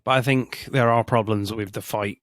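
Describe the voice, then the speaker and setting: Low-voiced male film podcast host. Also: fairly even intonation, moderate pace, fairly bright tone, dry recording, studio quality. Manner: chuckles often while talking. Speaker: podcast co-host reviewing films. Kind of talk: casual chat.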